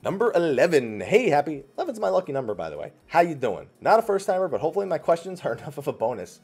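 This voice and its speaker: A man's voice: fairly high pitch, very animated, quick pace, darkish tone, slightly rough, faint music behind. A man from New Jersey hosting a weekly Q&A, chatting casually as he answers viewer questions. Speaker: host. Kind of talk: casual Q&A chat.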